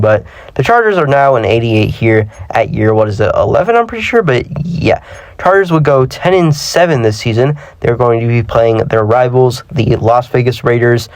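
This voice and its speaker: A man's voice: medium pitch, no room sound. Young man, casual game commentary, stumbles over words, dry close recording. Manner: chatty, self-deprecating, stumbles over words. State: slightly sick. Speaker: gaming channel host. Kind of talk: casual sports-sim commentary.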